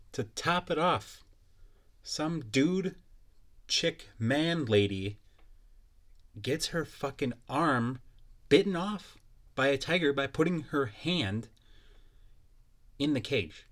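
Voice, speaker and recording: A man's voice: medium pitch, lively intonation, slow, long pauses, fairly bright tone. A young man hosting a podcast, ranting in a blunt, profane and mocking way. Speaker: podcast host. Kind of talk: casual solo podcast rant.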